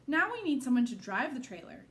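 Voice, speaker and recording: Woman doing a gentle, no-nonsense old fairy mare, lively pitch. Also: a little fast. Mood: kindly.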